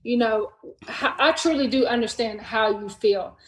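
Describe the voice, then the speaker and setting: A woman hosting a podcast in casual chat, warmly affirming her guest and chiming in often. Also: a little high, unhurried. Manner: affirming, interjects with "wow" and "yeah". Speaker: podcast host. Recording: echoey room with faint noise.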